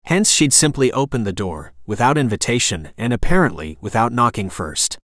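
A man narrating a novel in an audiobook. His reading is measured and steady, at a middle pitch. The recording is dry and close, with no room echo. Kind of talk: scripted narration.

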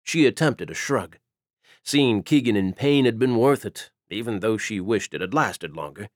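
Reading scripted narration for an audiobook, a man with a lowish voice keeps a moderate, steady, even pace. It's a dry recording with clean studio sound.

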